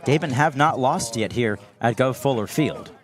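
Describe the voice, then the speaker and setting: A young man doing baseball play-by-play commentary, steady between pitches and climbing high and loud on big plays. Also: moderate pace, crowd noise. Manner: steady calls that rise sharply on big plays. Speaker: play-by-play announcer.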